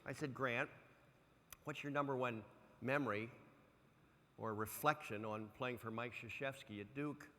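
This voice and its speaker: An older man giving a motivational keynote speech, an animated storyteller who acts out quotes with big swings in loudness. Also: medium pitch, a little slow, long pauses. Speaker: motivational speaker. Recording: long hall reverb.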